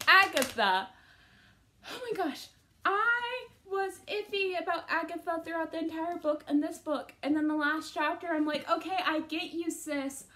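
A woman's voice: very high-pitched, normal speed, bright, forceful tone. A woman giving a casual, rambling book review to camera, full of fillers and self-interruptions.

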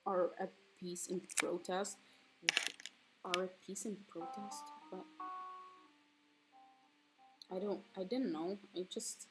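A woman's voice: fairly low pitch, fairly even intonation, slow pace, long pauses, over music, rough recording. A woman in her twenties chatting casually while drawing on stream, swearing freely and breaking into squealing laughs when flustered. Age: 20s. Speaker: streaming artist.

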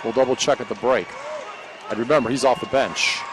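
Chatty basketball announcer, noisy broadcast. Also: male voice, medium pitch, fairly quick, a crowd in the background. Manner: chatty calls mixed with banter. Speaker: play-by-play commentator. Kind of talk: basketball play-by-play.

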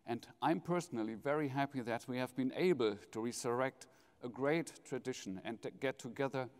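A man's voice: medium pitch, darkish tone. A middle-aged man with a German accent giving a formal, lightly joking welcome speech as head of a foundation. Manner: measured, jovial, polls the audience. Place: large university hall, live audience. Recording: reverberant hall.

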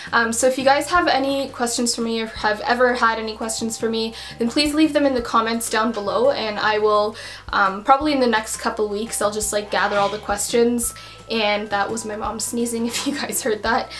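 Chatty young woman, slightly high voice. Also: fairly bright tone. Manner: chatty, many fillers like um and like. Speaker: vlogger. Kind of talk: casual tutorial chat.

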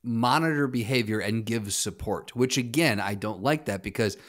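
A man co-hosting a podcast, giving reasoned opinions in a casual, measured way with frequent restarts. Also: medium pitch, a bit bright. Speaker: podcast co-host. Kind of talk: casual chat.

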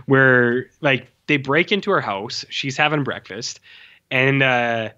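A man's voice: mid-range voice, takes it slowly, highs cut off. A man co-hosting a casual film review podcast. He rambles through scenes, packing his talk with "like" and "uh" fillers. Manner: rambling, heavy use of "like" and "uh" fillers; animated retelling of scenes. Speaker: podcast co-host.

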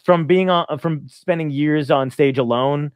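A man's voice: on the high side, unhurried, clear, resonant tone, no room sound, studio quality. A man hosting a podcast, telling stories in a loose, laughing way with plenty of swearing. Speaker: podcast host. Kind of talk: casual chat.

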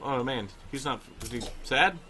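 A man hosting casual gameplay commentary, excitable and swearing casually as he plays. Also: medium pitch, normal speed, slight background noise. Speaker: host.

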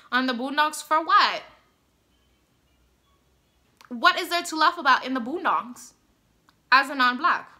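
A woman's voice: high-pitched, sharp tone. A woman vlogger ranting bluntly and heatedly to the camera, swearing freely as she gives her opinions. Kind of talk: casual opinion rant to camera.

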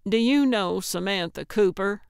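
Woman reading chipper old lady detective, cheeky, unhurried, smooth. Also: medium pitch, dry recording, studio quality. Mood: perky. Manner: perky, cheeky. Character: chipper older woman amateur sleuth.

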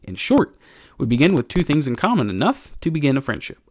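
A man reading an audiobook, voicing a gentle, soft-spoken old male ship's cook who turns hushed and urgent. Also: huge pitch swings, a little fast, no echo, clean studio sound. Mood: gentle, coaxing. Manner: soft-spoken, grows to low hushed urging.

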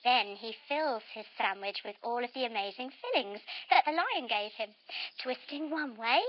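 A woman telling a story while leading a yoga lesson for children, slow, playful and sing-song, with sound effects. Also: a little high, expressive. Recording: slightly dull lo-fi audio.

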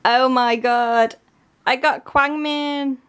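A woman with a fairly high voice talks through an unboxing in a casual, gushing way. She sounds excited throughout, though her voice is strained and keeps giving out. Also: takes it slowly, clean tone. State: voice giving out, coughing. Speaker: K-pop album unboxer.

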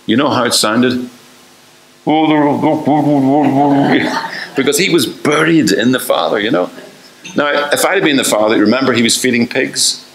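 A man's voice: mid-range voice, a bit bright, reverberant, poor audio. An older man preaching a fervent sermon, asking the listeners one rhetorical question after another and acting out the voices he quotes.

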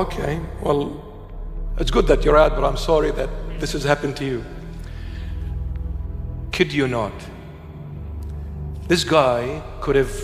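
A man preaching a sermon, telling a story with humor and self-mockery. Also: on the high side. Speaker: bishop preaching. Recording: echoey hall with music behind.

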